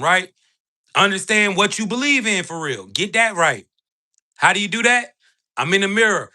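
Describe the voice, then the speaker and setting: A man's voice: high voice, animated, moderate pace, long pauses, bright, forceful tone. A man hosting a motivational livestream, talking bluntly in street slang with lots of profanity and checking in with "right?" over and over. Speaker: livestream host.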